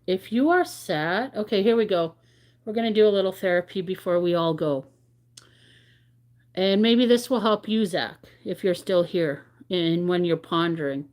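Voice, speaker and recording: Her voice is on the low side and a little mellow, at a normal speed. Hosting a crochet livestream, she talks casually and candidly with viewers, wandering a little as she reflects and reads their comments aloud.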